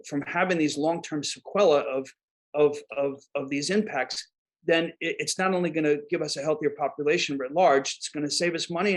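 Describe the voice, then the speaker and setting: A man with a New York accent speaks as a guest expert in an interview. His voice sits a little high for a man. He talks in a halting way, full of fillers and repeated words. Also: low-quality recording. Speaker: guest expert on disaster preparedness. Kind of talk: conversational interview answers.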